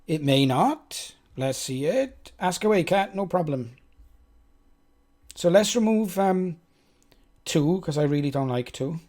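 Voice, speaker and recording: A man with a Welsh accent, talking through his code on a live stream. His voice sits a touch high, and he chats with his viewers in a loose, self-mocking way. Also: lively intonation, slow pace, long pauses, a little mellow. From Wales. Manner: chatty, self-mocking, talks to chat. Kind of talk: thinking aloud while coding live.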